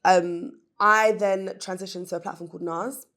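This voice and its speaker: A woman's voice: lowish voice, steady tone, moderate pace, a bit bright. A woman who founded a business, talking candidly and earnestly as a podcast guest, often with fillers. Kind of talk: casual interview chat.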